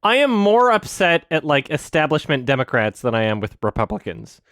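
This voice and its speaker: A Canadian streamer delivers an angry livestream rant, heated, profane, and emphatic. His voice is on the high side with big pitch swings, a fairly bright tone, and normal speed, recorded at studio quality with no room sound.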